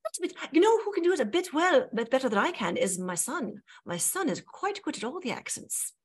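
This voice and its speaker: A woman's voice: sits high, big pitch swings, brisk. An American woman co-hosting a casual food podcast, bubbly and enthusiastic, often saying she loves things. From United States. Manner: bubbly, enthusiastic, lots of "like" and "I love that". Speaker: podcast co-host. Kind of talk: casual chat.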